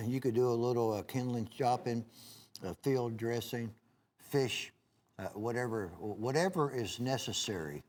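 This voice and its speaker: A man's voice: mid-range voice, unhurried, darkish tone. Folksy man selling knives on TV. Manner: folksy, rambling, frequent "uh" and restarts, addresses "folks". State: clearing his throat now and then. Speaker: TV shopping host selling knives. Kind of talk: live home-shopping sales pitch.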